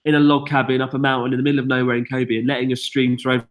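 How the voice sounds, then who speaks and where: Chatty British male host, self-deprecating, mid-pitched, live Q&A from a cabin. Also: completely flat delivery, racing. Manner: chatty, self-mocking, reads viewer questions aloud. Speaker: YouTube host answering viewer questions. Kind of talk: casual live-stream chat. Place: log cabin on a mountain.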